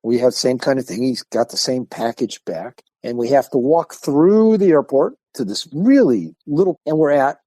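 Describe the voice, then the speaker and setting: Older male guest, martial arts teacher, animated casual storyteller, mellow voice. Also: mid-range voice, normal speed, few pauses, no echo, low-quality recording. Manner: animated anecdote-telling, acts out dialogue.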